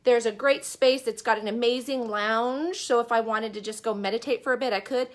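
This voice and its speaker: A woman's voice: fairly high pitch, fairly even intonation, a little fast. A woman giving a chatty, upbeat live-stream talk as an online business coach. She speaks from a bedroom in her house and often puts questions to her viewers.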